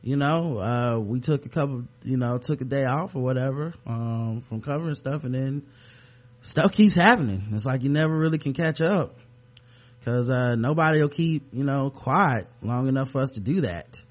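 A man's voice: mid-range voice, moderate pace. A man hosting a podcast in a loose, rambling way, full of ums and you-knows. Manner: rambling, lots of fillers, laid-back. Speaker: podcast host. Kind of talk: casual podcast chat.

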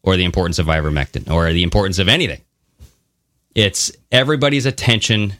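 Low-voiced man, bright and animated. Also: fast talker, no echo. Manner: animated, swearing, mocking voices. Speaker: podcast co-host. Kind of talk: casual conversational podcast talk.

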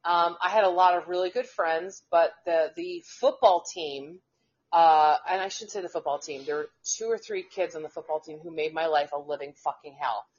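A woman, a teacher co-hosting a casual podcast, talking in an outspoken, animated, profane way. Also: fairly low pitch, normal speed, slightly rough. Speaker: co-host, teacher. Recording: dull lo-fi audio.

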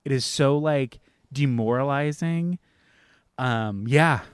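A man's voice: medium pitch, takes it slowly, clear, resonant tone, dry recording. A young man talks casually and expressively, swinging between rising and dropping tones as he tells a story. His voice is close and dry, with no room sound around it. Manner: animated, expressive storytelling with swearing. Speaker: podcast co-host. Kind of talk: casual chat.

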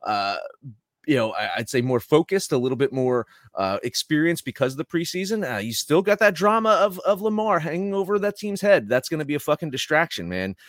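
A man co-hosting a sports betting show, talking in a halting, stammering way with casual swearing. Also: fairly high pitch, big pitch swings, dry recording, studio quality. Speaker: sports betting podcast co-host. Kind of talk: casual betting picks chat.

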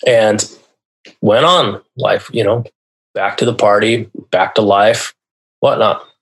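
A man who is a guest on a podcast, telling a personal story. His voice sits on the lower side, and his delivery is halting and earnest, circling back to restart his sentences as he works through painful memories. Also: steady tone, husky. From United States.

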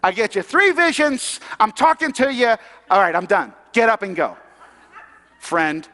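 A man's voice: high voice, very animated, measured pace, bright, forceful tone, in a large hall, voice pushed up, heavily acted. A man playing a sassy, scolding God. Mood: exasperated. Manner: exasperated scolding, like a parent nagging. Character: sassy annoyed-parent male God.

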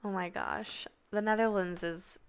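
A young woman from Arizona talking as a podcast guest in a casual, animated way, full of "like" and "dude". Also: mid-range voice, a little slow, clear, resonant tone. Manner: animated, chatty, heavy on "like" and "dude".

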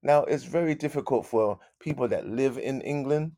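A man telling stories as a guest in a casual interview, animated, repeating his phrases and calling people "man". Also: mid-range voice, moderate pace, creaky, no echo. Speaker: guest musician.

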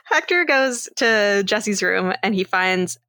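Bright-voiced woman recapping a film. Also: medium pitch, lively intonation, takes it slowly, clear, resonant tone, dry recording. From Canada. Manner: retells scenes, acts out quoted lines, laughs often. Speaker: podcast co-host. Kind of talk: casual movie recap chat.

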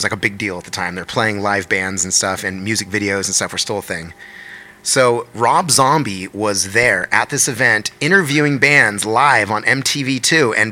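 A young man, a guest musician telling a long story in a lively, laughing way, acting out quotes in a high voice. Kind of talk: casual storytelling.

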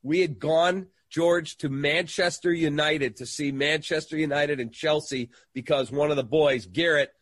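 A man's voice: on the high side, unhurried, hardly any pauses, dry recording, clean studio sound. A middle-aged man, a guest in an interview, telling a story and acting out the people in it. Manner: animated storyteller who acts out quoted voices.

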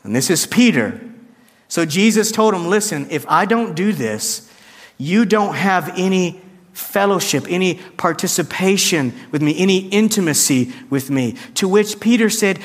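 A man's voice: sits high, lively intonation, unhurried, big-room sound. A man preaching a conversational sermon, acting out quoted lines with shifts in his voice. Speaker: pastor.

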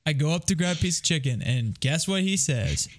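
A man's voice: on the high side, expressive. Young man telling a rambling profane story. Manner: rambling, profane, self-deprecating, quick asides. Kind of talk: casual storytelling.

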